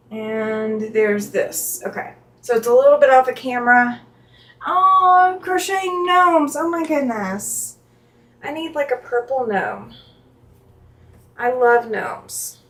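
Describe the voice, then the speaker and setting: Chatty woman quilting on a slow stream. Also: a little high, fairly bright tone, poor audio. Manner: chatty, reads viewer comments aloud, thinks aloud while working. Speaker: quilting channel host. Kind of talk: casual live-stream chat while quilting.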